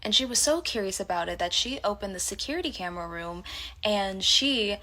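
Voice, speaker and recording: Animated and fairly quick, a woman with a medium-pitched, bright, forceful voice shares a story from her work life to camera. The clip is one others react to, and her telling is candid, blunt and profane.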